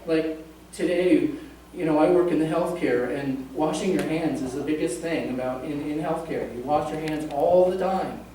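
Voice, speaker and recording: A man's voice: a little high, normal speed, few pauses, warm tone. Male pastor, sermon, conversational, heard from afar, roomy reverb, faint hiss. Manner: conversational, jokes with the congregation. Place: church sanctuary. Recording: echoey church from a distant mic.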